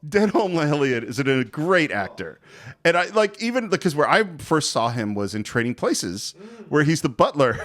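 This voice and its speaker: A man hosting a casual film podcast, enthusiastic, often laughing and acting out scenes. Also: fairly high pitch. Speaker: podcast host.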